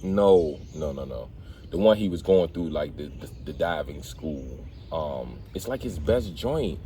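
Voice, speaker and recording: A man hosting a casual sit-down conversation, telling stories in a lively, self-mocking way. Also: rumbling low, a little slow, slight background noise. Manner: animated storyteller, laughs at himself. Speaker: host.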